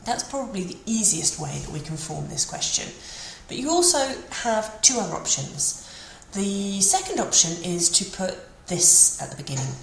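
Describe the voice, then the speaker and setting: A woman teaching a beginner language lesson, patiently repeating phrases slowly for learners. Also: fairly low pitch, sing-song, gravelly, slight background noise. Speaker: French teacher. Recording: roomy with faint ambience.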